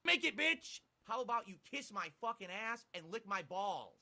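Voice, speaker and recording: A man doing a shrill jeering heckler. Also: big pitch swings, moderate pace, gravelly, pushed and bright, full character voice. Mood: taunting. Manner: crude taunting interjections.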